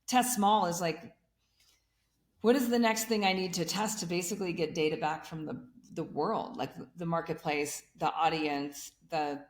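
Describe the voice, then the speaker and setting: A woman's voice: on the low side, steady tone, normal speed. A woman in a conversational interview who explains energetically and builds her points in repeated lists. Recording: echoey room.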